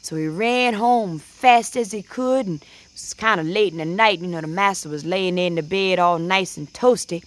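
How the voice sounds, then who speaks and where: A woman's voice: on the low side, normal speed. A woman telling a folk tale aloud in folksy dialect, slipping into sing-song voices. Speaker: storyteller. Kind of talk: oral folk storytelling.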